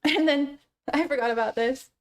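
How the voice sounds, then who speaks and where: A young woman on a home live stream, talking casually in a fairly high voice. She chats loosely with her viewers, reads their messages and tells stories with easy laughter. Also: normal speed. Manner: chatty, laughing storyteller reading chat aloud.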